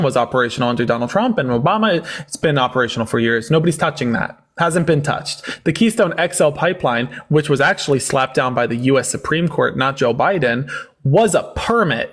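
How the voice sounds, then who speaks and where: A man hosting a live-stream debate, sarcastic and laughing often as he lectures callers with facts. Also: on the high side.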